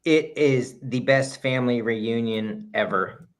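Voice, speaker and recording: A man co-hosting a casual podcast in a voice of ordinary middle pitch. He talks in halting bursts with frequent restarts, and slips into a steadier reading tone when going through prepared text. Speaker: podcast co-host.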